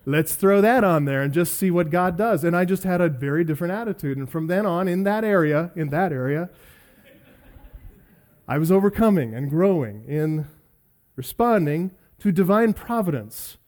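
A middle-aged man preaching a sermon in a voice that sits a little high for a man. He poses earnest questions to his listeners and slips in personal stories told with a self-deprecating humor. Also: expressive, moderate pace, darkish tone. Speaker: pastor.

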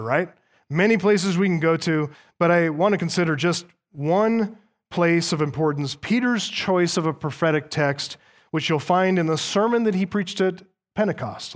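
Reading scripture aloud as a pastor, a man with a higher voice works through the passage point by point in his sermon. He slows his delivery to emphasize key words.

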